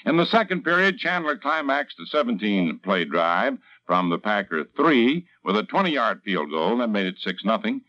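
A man reads a radio sports report with brisk, emphatic delivery. His pitch swings widely as he recaps the game. The sound is dull and lo-fi, like a vintage radio broadcast. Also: sing-song, sharp tone.

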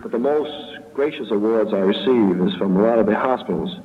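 A man giving an earnest, halting acceptance speech at a banquet, repeating himself as he goes. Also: fairly low pitch, slight background noise. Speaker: award recipient giving a speech. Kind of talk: public speech. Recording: tinny archive recording in an echoey hall.

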